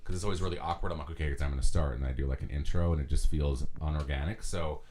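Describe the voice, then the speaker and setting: A man's voice: extremely low pitch, very fast, noisy background. A man hosting a casual podcast, chatting loosely with lots of fillers into a cheap mic. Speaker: podcast host. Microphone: beginner's studio mic.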